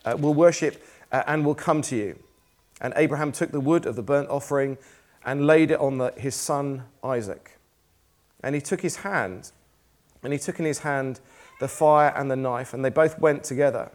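A man's voice: medium pitch, normal speed, a little mellow. A man preaching a sermon in a church, reading scripture aloud in a conversational, lightly self-deprecating way.

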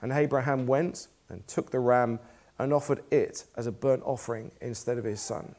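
A man's voice: medium pitch, moderate pace, darkish tone. A man preaching a sermon in a church, reading scripture aloud in a conversational, lightly self-deprecating way.

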